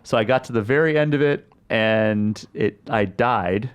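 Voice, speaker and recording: Male co-host, somewhat low voice, loose rambling anecdotes. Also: unhurried, clean tone. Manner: rambling storyteller, many fillers like "like". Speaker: podcast co-host. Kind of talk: casual podcast chat.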